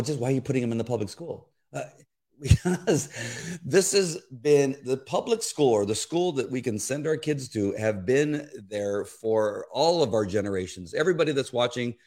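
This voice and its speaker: A man's voice: medium pitch, a little mellow. Earnest rambling man host. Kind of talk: casual spoken commentary.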